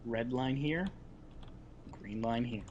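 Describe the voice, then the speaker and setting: A man chats casually while hosting a live gaming stream. He rambles through memories with plenty of fillers and false starts. His voice sits at a middling pitch, and it comes through a headset mic with slightly muffled stream audio and a faint hiss. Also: takes it slowly, darkish tone. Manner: rambling, reminiscing, many restarts and fillers. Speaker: livestream host.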